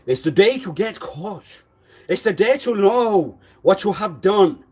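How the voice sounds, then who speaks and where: A man's voice: high-pitched, expressive, unhurried, a little mellow, husky. A man on a live stream, talking in an insistent, repetitive way and firing accusing, demanding questions. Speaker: livestreamer.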